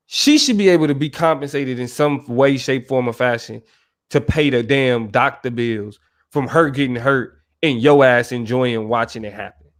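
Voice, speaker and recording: A man's voice: mid-range voice, normal speed. A man co-hosting a casual podcast discussion, talking emphatically and checking in with his listener. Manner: emphatic, keeps asking "you feel me". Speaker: podcast co-host.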